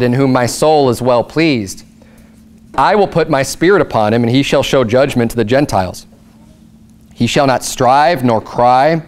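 A man pastor preaching a sermon, reading scripture slowly and explaining it in casual asides, with rhetorical questions that jump up in pitch. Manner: rises sharply in pitch for emphatic rhetorical questions.

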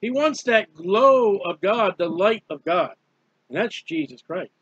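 Man, high-pitched, fervent repetitive preaching, lo-fi recording. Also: animated, measured pace, a bit bright, slightly rough, dry recording. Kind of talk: Bible study sermon. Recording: dull lo-fi dry recording.

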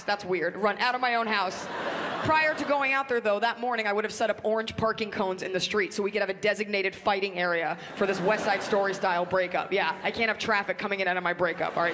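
A young woman from Southern California doing a stand-up comedy set on a club stage, brash and deadpan, acting out shrill squealing quarrels. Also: fast talker. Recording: big hall reverb with audience noise.

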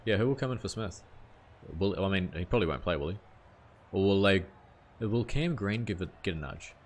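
A man's voice: low-pitched, lively intonation, brisk. A young man chatting casually to viewers on a live game stream, easygoing and full of questions. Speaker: gaming streamer.

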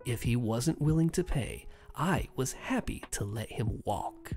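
A narrator telling a first-person workplace revenge story in a sardonic, animated way. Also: mid-range voice, measured pace, soft background music.

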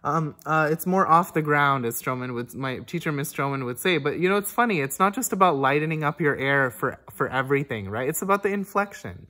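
Low-pitched woman chatting thru an oboe lesson at home, rambly, hums little melodies to show the phrasing. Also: lively intonation, a little fast, few pauses, fairly bright tone. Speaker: oboe teacher. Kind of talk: casual spoken music lesson.

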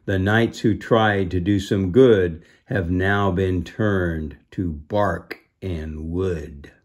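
A man voicing the menacing shadow of a sorcerer, chanting a rhymed warning slowly and loudly. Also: sits low, full character voice. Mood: ominous. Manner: slow, loud, rhythmic chanting.

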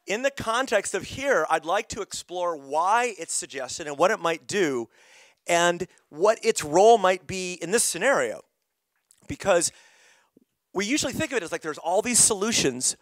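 Middle-aged man, hoarse, fairly high voice, dry sound, engaging workshop presenter. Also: lively intonation, normal speed, a bit bright, dry recording. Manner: engaging, calls on audience members. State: losing his voice, coughing.

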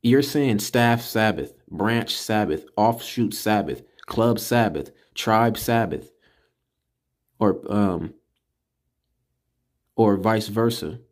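Slow deep gravelly man teaching. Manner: slow, repeats syllables to drill them. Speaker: religious teacher. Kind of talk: casual screen-recorded lesson. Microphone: computer mic while screen recording.

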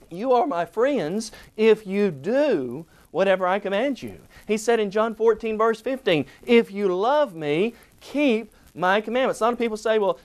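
A man presenting a televised Bible lesson, stressing single words and slowing down on key phrases. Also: sits high. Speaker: Bible teacher.

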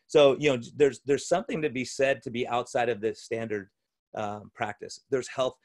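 A man's voice: mid-range voice, steady tone, normal speed. A male physician and podcast host in casual conversation at home, enthusiastic and rambling, often restarting his sentences. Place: room at home.

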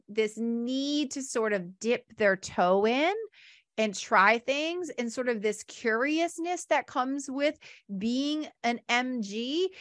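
A woman coach hosting a podcast, explaining in a chatty, expressive conversational way and often checking in with "right?". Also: a little high, dry recording, clean studio sound. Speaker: business coach and podcast host.

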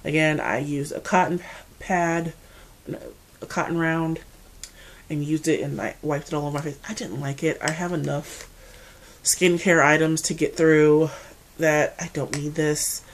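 A woman from the Mid-Atlantic United States with an American accent, chatting casually to camera as a beauty vlogger, animated and full of asides. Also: deep voice, a little slow.

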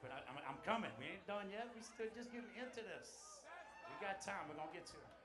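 A musician from South Louisiana with a Louisiana accent, chatting to a club crowd between songs in a rambling, laughing way with stammered restarts. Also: male voice, high-pitched, lively intonation, fast talker. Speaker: performing musician. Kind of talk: stage banter at a live concert.

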